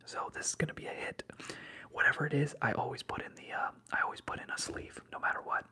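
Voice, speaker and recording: An ASMR streamer, a young man, whispers quickly through a livestream as he opens trading card packs, full of slang and excitement and now and then erupting into loud hype.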